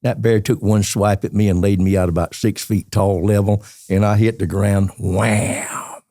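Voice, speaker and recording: A man's voice: lowish voice, fairly even intonation, normal speed, warm tone, no echo, studio quality. A man in his eighties with a Southern US accent, a podcast guest telling long rambling stories and laughing as he goes. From Georgia, USA. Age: 80s. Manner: colorful rambling storyteller, laughs as he tells it. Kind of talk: storytelling interview.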